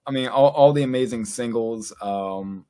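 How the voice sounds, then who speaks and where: A man's voice: medium pitch, normal speed, dark tone. A man from Louisiana hosting a podcast, chatting casually with lots of fillers and frequent laughter. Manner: rambling, laughs often, many fillers. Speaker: podcast host. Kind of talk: casual chat.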